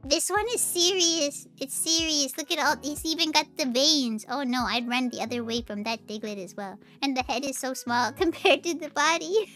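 A woman's voice: high-pitched, moderate pace, hardly any pauses, fairly bright tone, soft background music. A woman streaming games, giving playful running commentary and laughing often. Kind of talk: live-streamed gameplay commentary.

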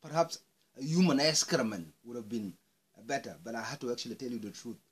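A man's voice: mid-range voice, expressive, a little fast, breathy edge. A man from South Sudan delivering an angry, impassioned monologue, swearing and rising into outbursts. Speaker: speaker airing grievances.

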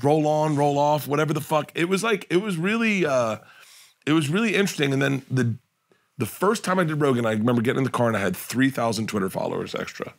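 A man's voice: medium pitch, fast talker, vocal fry. Man telling rambling comedy stories. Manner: animated, rambling anecdotes with restarts and laughs. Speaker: comedian guest on a podcast. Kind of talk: casual storytelling chat.

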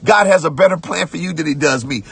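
A man preaching a sermon as pastor, repeating phrases and breaking into shouts while reading scripture. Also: a little high, fast, vocal fry, husky, no room sound. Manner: preaching with repetitions, rising to shouts; conversational church talk, "watch this".

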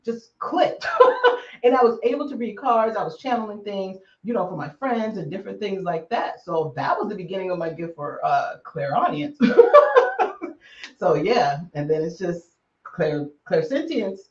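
A woman guest telling a story in a casual interview, animated and laughing often. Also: medium pitch, moderate pace, dull audio. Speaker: psychic guest. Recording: distant roomy remote call audio.

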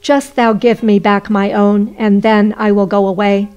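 A woman's voice: mid-range voice, little pitch movement, a little slow, a little mellow, smooth, dull audio, soft background music, lightly acted. A woman voicing a simple, stubborn poor man in a folk tale, speaking bluntly in old-fashioned phrases.

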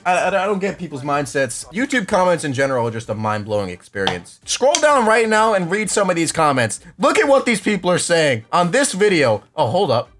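A young man narrating his gameplay at home, excitable and self-mocking, shouting and laughing often. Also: sits high, slight background noise. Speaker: gaming YouTuber. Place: home room. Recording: music playing underneath.

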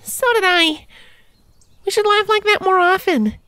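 Storybook filly, girl about ten, very high and childlike, dry close sound, voiced by a male narrator. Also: measured pace, pushed and bright, no echo, heavily acted. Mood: earnest cheerful. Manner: high childish voice, earnest and cheerful, turns frightened. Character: timid young girl pony, ten-year-old filly. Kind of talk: audiobook character voice.

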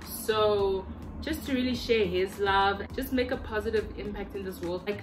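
A woman's voice: medium pitch, fairly bright tone, a little hiss or hum. A South African woman in her twenties, a YouTuber chatting casually to the camera from her bedroom at home in a playful, talkative way, with faint music behind her. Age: 20s. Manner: chatty and playful, breaks into silly voices.

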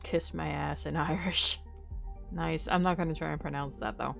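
A woman's voice: sits low, fairly even intonation, normal speed, vocal fry. An American woman live-streaming, chatting casually with her viewers in a candid, profane, self-mocking way. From United States. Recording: dull lo-fi stream audio. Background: faint music.

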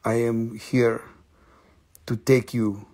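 A man's voice: mid-range voice, little pitch movement, slow, a little mellow. A man voicing a talking crystal that makes mock-dramatic threats. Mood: mock menace. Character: menacing talking crystal, male swordsman parody.

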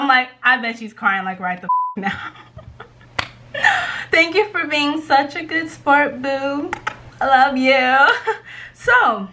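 A woman's voice: sits high, background noise. A young woman vlogger chatting casually to camera, giggly and full of "like" fillers. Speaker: vlogger pranking her best friend.

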